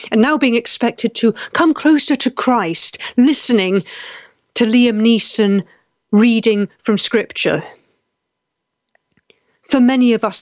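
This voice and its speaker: A woman's voice: medium pitch, dry recording, lo-fi sound. A woman hosting a live talk show, speaking with indignation, often restarting her sentences as she reads viewer comments. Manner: indignant, halting with frequent restarts. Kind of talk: casual live-stream commentary.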